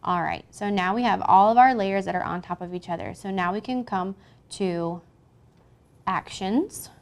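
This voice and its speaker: Woman, tutorial host, casual step-by-step narration, chatty with fillers, middle pitch. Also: moderate pace. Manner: chatty, talks through each step with fillers. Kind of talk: casual screen-recorded tutorial.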